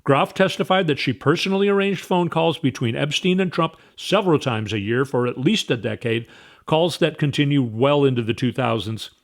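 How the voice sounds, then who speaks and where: Male host, conversational, emphatic, mid-pitched, repeats words for stress. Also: normal speed. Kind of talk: casual commentary, reading news aloud.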